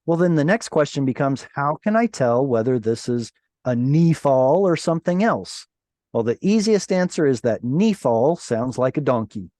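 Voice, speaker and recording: A man with a mid-range, warm voice teaches an online Bible Hebrew class by video call, speaking animatedly at normal speed. He patiently and playfully explains grammar and quizzes his students, in clean studio sound with no echo.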